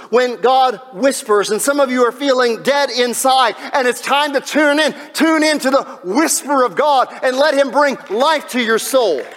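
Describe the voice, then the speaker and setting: Male preacher, high-pitched and theatrical, drops to near-whispers then builds back up; echoing church hall. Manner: dramatic, swings between loud exhortation and hushed near-whispers. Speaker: pastor. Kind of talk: sermon. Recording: long reverb of a large hall.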